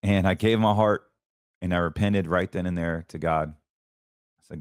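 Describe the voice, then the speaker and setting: A man with a very deep voice gives an earnest, preachy personal testimony, and he sinks into quieter tones as he gets emotional. He sounds middle-aged, and his voice is recorded close and dry, with no room sound. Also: fairly even intonation, normal speed, clear, resonant tone, no echo. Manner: earnest and preachy, voice drops low when emotional. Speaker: podcast host. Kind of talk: personal testimony in casual talk.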